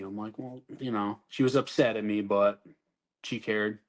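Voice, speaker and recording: A man's voice: fairly low pitch, fairly even intonation, measured pace. A man who served as an army soldier, telling his story in a blunt, profane, conversational way and acting out what others said to him.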